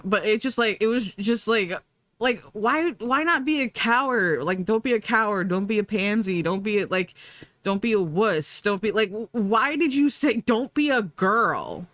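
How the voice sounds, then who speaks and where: A woman's voice: medium pitch, fairly bright tone, dry recording. A woman streamer in casual chat, rambling and profane, laughing often as she talks.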